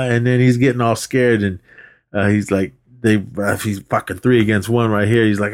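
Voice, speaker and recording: Animated man recapping a movie. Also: mid-range voice. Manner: animated retelling, quick to act out quotes, swears freely. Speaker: podcast co-host. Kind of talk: casual movie recap chat.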